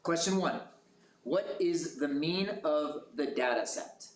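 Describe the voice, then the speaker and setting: A man moderating a school quiz bowl, reading questions slowly and carefully. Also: on the high side. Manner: slow, measured question reading. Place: school classroom. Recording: echoey room with noise.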